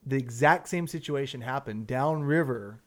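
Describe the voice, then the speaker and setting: A young man who works as a fishing guide, telling a story in casual podcast talk, animated and swearing freely. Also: mid-range voice, moderate pace. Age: young adult. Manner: animated, swears often, acts out quotes.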